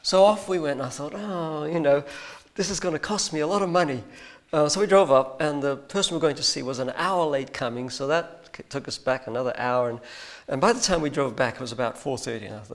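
With a slightly high, slightly fast voice, a man shares his personal testimony and its spiritual point. He tells it haltingly and in a rambling manner, with frequent ums and restarts.

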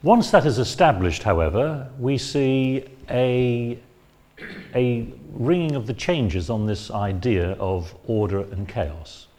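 A man preaching an expository Bible sermon, explaining step by step in a measured way with frequent "uh" and "um" fillers. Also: mid-range voice, expressive, darkish tone.

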